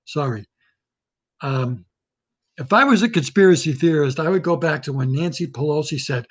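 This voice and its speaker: Husky man in a heated rant. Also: fairly high pitch, normal speed, long pauses. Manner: heated, repetitive, indignant ranting. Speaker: comedic ranter. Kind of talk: satirical political rant to camera. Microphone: webcam or laptop camera.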